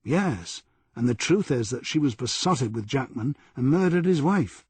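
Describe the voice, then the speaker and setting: Narrator as a frosty, nitpicking sergeant; crime audiobook, husky. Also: male voice, medium pitch, lively intonation, a little slow. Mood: cold. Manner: nitpicking, cold replies. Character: pedantic male detective sergeant, cold and hostile.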